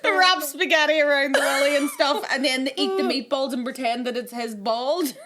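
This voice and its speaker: A woman's voice: high-pitched, a little fast. A woman hosting a podcast, telling bawdy stories in casual chat and laughing often. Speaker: podcast host.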